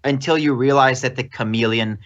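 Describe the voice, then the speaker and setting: A man narrating as game master of a tabletop game on a live stream, relaxed and easily laughing. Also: mid-range voice, a little fast, highs cut off.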